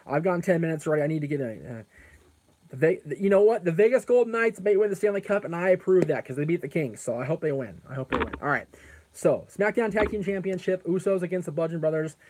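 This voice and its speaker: A man's voice: on the high side, expressive, fast, a little mellow, slight background noise. Rambling man hosting a live stream. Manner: rambling, answers chat comments aloud; frequent fillers and self-corrections. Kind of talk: casual live-stream chat.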